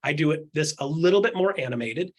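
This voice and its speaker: A man coaching on real estate in a candid chat, punching his points with quick rhetorical questions and acting out what other people say. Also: on the high side, animated. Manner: acts out quotes in other voices.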